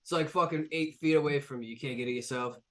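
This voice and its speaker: A man voicing a big, beefy male bruiser who yells angry threats in a raised voice. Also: fairly high pitch, quick pace, natural voice. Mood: furious. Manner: yelling, swearing threats.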